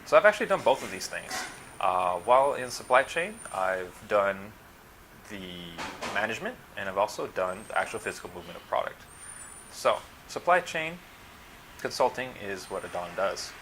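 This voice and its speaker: A man's voice: fairly low pitch, sing-song, moderate pace, background noise. A man from the United States, a supply chain consultant hosting his own channel, talking casually to camera and explaining things patiently step by step.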